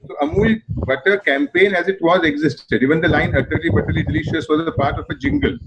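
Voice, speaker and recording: An older man with an Indian English accent, telling stories from his advertising and theatre career in an emphatic, animated way. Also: fairly high pitch, a little fast. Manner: animated, emphatic, repeats phrases in threes. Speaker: advertising and theatre veteran guest. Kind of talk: reflective storytelling interview answer. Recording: muffled video call audio with noise.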